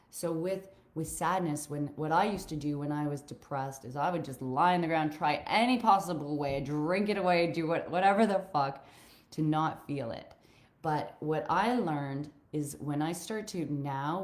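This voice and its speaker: A woman life coach giving a frank, animated motivational talk, swearing freely. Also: low-pitched.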